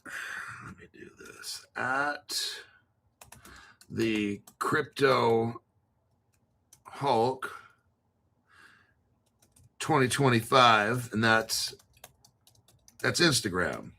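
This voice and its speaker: A man's voice: mid-range voice, expressive, drawn-out words, vocal fry, pauses often, sharp tone. A man hosting a casual crypto livestream, rambling through long lists of names and swearing freely as he chats with viewers. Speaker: crypto show host.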